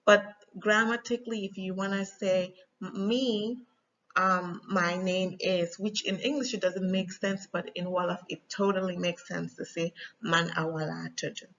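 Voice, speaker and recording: A woman teaching a language lesson, explaining slowly and patiently with frequent pauses and ums. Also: mid-range voice, steady tone, fairly bright tone, dull audio. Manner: patient, slow, with frequent ums and spelled-out examples.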